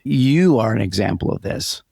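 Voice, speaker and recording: A man co-hosting a podcast with his wife, agreeable and a bit halting, with lots of yeahs and restarts. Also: lowish voice, animated, gravelly, darkish tone, slightly rough, no echo, clean studio sound. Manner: agreeable, halting, backchannels a lot. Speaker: podcast co-host. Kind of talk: conversational podcast chat.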